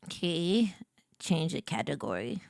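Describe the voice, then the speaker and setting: A woman's voice: low voice, sing-song, unhurried, gravelly, no room sound, clean studio sound. A woman streamer chatting casually with her viewers while gaming, bubbly and chatty, greeting people and humming along. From Puerto Rican heritage. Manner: bubbly, greets chat viewers warmly, hums along to music.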